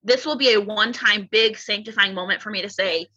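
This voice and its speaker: Woman, casual faith chat; earnest and rambling, very bright but husky, slightly dull recording. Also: medium pitch, fairly quick.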